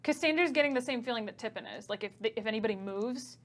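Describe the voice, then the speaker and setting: A woman's voice: fairly high pitch, quick pace. A young adult woman narrating a tabletop game as game master, chatty and casual with many fillers.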